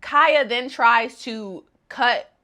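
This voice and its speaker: A woman's voice: on the high side, extremely slow, sharp tone. A woman casually recapping an anime episode in a chatty, joking, slangy way.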